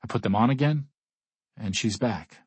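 A man narrating a first-person audiobook in a measured, even manner. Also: fairly low pitch, breathy edge, no room sound.

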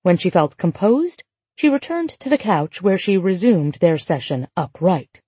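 A woman reading a novel aloud in a measured, even storytelling voice. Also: fairly low pitch, breathy edge, dry recording. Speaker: audiobook narrator. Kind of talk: scripted narration.

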